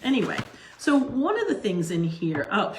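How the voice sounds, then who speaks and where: A woman's voice: mid-range voice, sing-song, normal speed, slight background noise. A middle-aged woman hosting her own cooking channel, chatting casually to camera from her home kitchen and rambling through asides and restarts. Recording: roomy, echoey kitchen sound.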